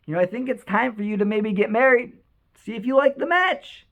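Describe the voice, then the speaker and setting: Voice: mid-range voice, fairly quick, phone-quality sound, close to an everyday voice. A storyteller voicing a kindly older rabbi who speaks with fatherly pride. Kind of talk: storytelling, quoted dialogue.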